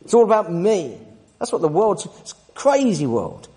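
A man's voice: high-pitched, sing-song, moderate pace, mellow, breathy edge. A man in his forties teaching a Bible study in sermon style, emphatic and often tossing tag questions at his listeners. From United Kingdom. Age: 40s. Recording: long reverb of a hall.

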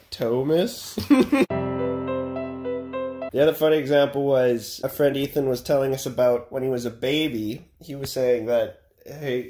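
A young man with a Canadian accent, chatting casually and telling funny stories for his vlog. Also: medium pitch. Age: young adult. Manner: joking, animated storyteller. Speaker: vlogger. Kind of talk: casual chat.

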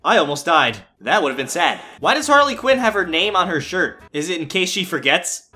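A man's voice: high-pitched, big pitch swings, a little fast, hardly any pauses, pushed and bright, faint music behind. A young man giving playful gameplay commentary, yelping and squealing when something startles him. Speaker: gaming YouTuber.

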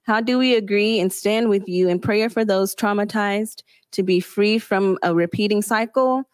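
A woman's voice: medium pitch, normal speed, clear, resonant tone, dry recording. Female co-host, polite, reading viewer questions, dry close mic. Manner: polite, reads questions aloud. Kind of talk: live stream Q&A.

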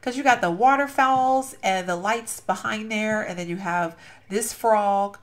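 A young woman chatting casually as she tours a game build, gushing and excitable. She rambles through a story and keeps getting sidetracked by what she sees, in an ordinary middle-pitched voice. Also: a little slow. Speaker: game channel host. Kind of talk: casual gameplay commentary and storytelling.

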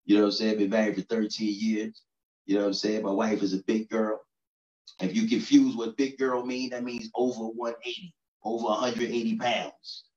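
A man's voice: lowish voice, little pitch movement, moderate pace, darkish tone, distant mic. A stand-up comedian from New York City in his thirties, talking to the crowd in a loose, chatty way and often asking "you know what I'm saying.". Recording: roomy echo, dull lo-fi sound.

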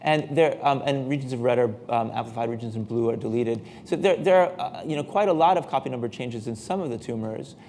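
Guy giving a science talk at a podium, keeps saying uh and um, a bit gravelly. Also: medium pitch, a little mellow, slight background noise. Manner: halting, many fillers and restarts. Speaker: scientific speaker. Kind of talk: conference talk. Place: lecture hall.

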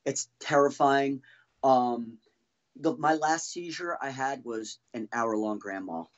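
A man telling his own story as a podcast guest, halting and restarting often as he talks. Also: mid-range voice, highs cut off. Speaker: guest, former band drummer. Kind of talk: casual podcast interview storytelling.

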